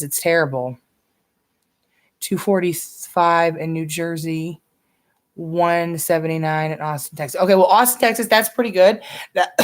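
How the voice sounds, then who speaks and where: A young woman from the United States talks off the cuff on a live reaction stream, pitched a little on the low side. She rambles, doubles back mid-sentence and drops swear words freely. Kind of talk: casual live reaction chat.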